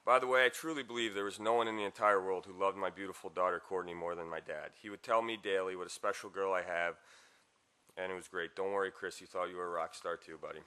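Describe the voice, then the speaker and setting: A man's voice: low voice, bright, forceful tone, smooth. A man giving a heartfelt eulogy for his father at a memorial service, with wry asides.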